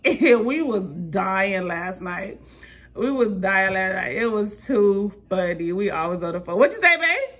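A woman, chatting casually as a vlogger in an animated, storytelling way. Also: mid-range voice, a little slow, slightly rough. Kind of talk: casual vlog chat. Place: outdoors at a bus stop, vehicles passing.

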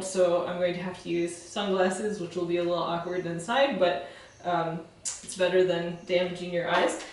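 This soap-making instructor, a woman with a medium-pitched voice, walks through a casual home demo step by step, friendly and plain-spoken, sometimes using fillers or starting over. She's away from the mic in a very echoey room, with a little hiss or hum on the recording.

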